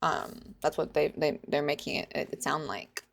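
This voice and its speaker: A woman's voice: deep voice, fairly even intonation, moderate pace, vocal fry, hardly any pauses. Sarcastic, exasperated young woman vlogger. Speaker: book reaction vlogger. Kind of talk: casual reaction commentary.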